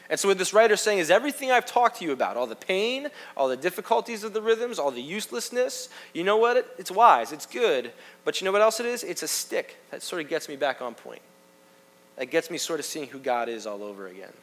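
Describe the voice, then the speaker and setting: Animated man preaching a sermon. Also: sits high, fairly quick. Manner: animated preaching, swings from loud emphasis to hushed asides; conversational, addresses the congregation directly. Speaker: pastor.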